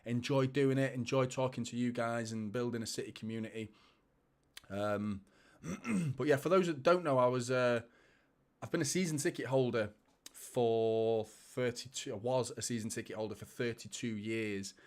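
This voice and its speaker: A man's voice: mid-range voice, normal speed, a little mellow. Chatty man hosting a watchalong. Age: 30s. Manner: chatty, laughs often, reads out viewer comments. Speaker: host of a football watchalong. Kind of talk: casual live match commentary and chat.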